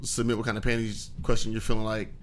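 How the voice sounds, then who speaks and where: A man's voice: fairly low pitch, level tone, fast talker, slight background noise. A young man hosting a casual podcast, laid-back and swearing freely, with lots of ums. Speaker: podcast host.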